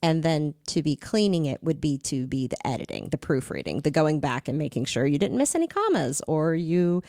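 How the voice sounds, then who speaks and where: A woman's voice: sits low, big pitch swings, a little fast, dark tone, no room sound, clean studio sound. A middle-aged woman, a dance instructor, explaining with enthusiasm and everyday comparisons in casual conversation.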